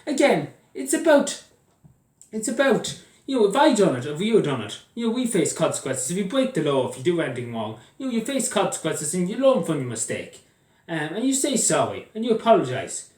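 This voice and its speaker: Irish man, angry rant, heavy swearing, repetitive, lively pitch, roomy echo. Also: a little fast. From Ireland. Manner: heated, swearing, repeating himself. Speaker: vlogger. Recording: echoey room, mic at a distance.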